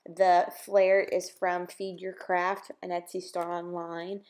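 A woman's voice: lowish voice, level tone, slow pace. Chatty young woman crafter. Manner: chatty, filler-heavy, warm about her dogs. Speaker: scrapbooking vlogger. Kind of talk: casual craft voice-over.

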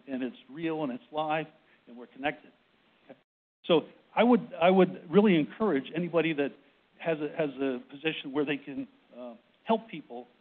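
Breathless man, tinny presentation audio. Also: on the high side. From Boston. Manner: repetitive restarts, frequent "right?" checks. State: short of breath. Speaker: presenter on a panel. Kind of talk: workplace presentation talk. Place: conference room with audience. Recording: tinny phone-like recording.

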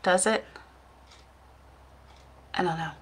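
In a casual storytelling vlog, a middle-aged woman who sells makeup chats from home on her webcam, rambling through a story at her own expense and laughing along. Her voice sits lowish, slightly rough, and she takes her time.

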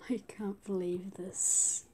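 A woman giving gameplay commentary, often dropping to a whisper and breaking into excited bursts. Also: medium pitch. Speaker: gamer.

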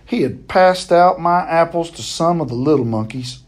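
A man's voice: a little high, animated, moderate pace. A man reading a novel chapter aloud, telling it expressively and now and then stumbling and repeating a word.

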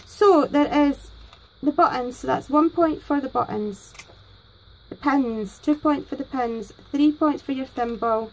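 A Scottish woman hosting a crafting vlog, gushing excitedly and a bit nervously over gifts. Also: high voice, moderate pace, gravelly, poor audio. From Scotland. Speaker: crafting channel host. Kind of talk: casual unboxing vlog.

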